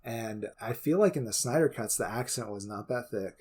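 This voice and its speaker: A man co-hosting a podcast in casual chat, talking in halting, hedging bursts with some teasing. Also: medium pitch, lively intonation, a little mellow, breathy edge. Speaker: podcast co-host.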